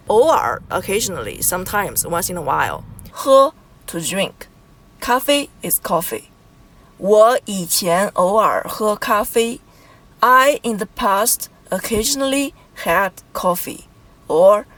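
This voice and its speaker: Woman from Beijing, Mandarin teacher; measured explanatory lesson delivery, slow and deliberate on examples. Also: a little high, fairly bright tone, poor audio.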